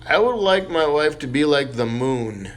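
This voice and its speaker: A man's voice: on the high side, lively intonation, measured pace, voice pushed up. A cheeky young schoolboy , voiced by a man telling jokes, speaks in a raised, boyish register. He delivers his lines smugly, like he knows the punchline is coming.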